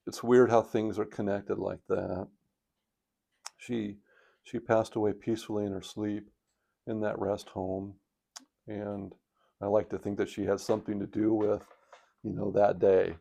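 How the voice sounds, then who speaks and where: An older man in retirement telling a personal story on his video blog, reflective and halting with a touch of emotion, sitting by a fire at home. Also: fairly low pitch, level tone, gravelly, mellow. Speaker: vlogger. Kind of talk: casual storytelling. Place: indoors by a fireplace at home.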